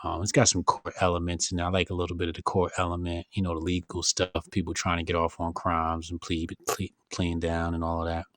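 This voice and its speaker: A man hosting a podcast in casual chat, speaking with blunt, animated, slangy banter. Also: deep voice, brisk, hardly any pauses, dry recording, studio quality. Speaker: podcast host.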